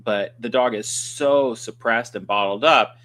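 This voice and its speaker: A man speaking as a guest dog trainer on a livestream, telling stories in an animated, conversational way with quick restarts. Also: medium pitch. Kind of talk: casual conversation. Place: livestream video call.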